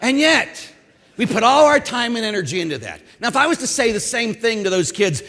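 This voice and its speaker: A man, a priest and former coach, preaching a lively sermon and acting out what others say. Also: sits high, brisk. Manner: animated, acts out quotes, shouts at times. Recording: long hall reverb.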